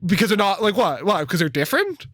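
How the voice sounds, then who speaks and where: Man in his 20s, higher-voiced co-host, exasperated and sweary, dry close sound. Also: sing-song, quick pace, a bit bright, no echo. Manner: defensive, exasperated, swearing and laughing. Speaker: podcast co-host. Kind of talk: casual chat.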